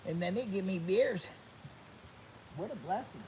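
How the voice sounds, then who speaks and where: A man's voice: high-pitched, lively intonation, a little slow, background noise. A man hosting a vlog, chatting upbeat and straight to viewers while eating and cooking. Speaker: vlog host. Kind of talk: casual chat to camera.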